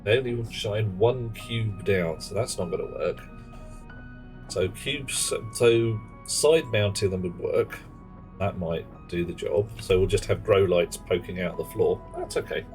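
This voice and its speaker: A man's voice: fairly low pitch, a little slow, a little mellow, faint music behind. A man streaming a game, talking to himself and chatting asides as he works through it. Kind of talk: live gameplay commentary. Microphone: headset.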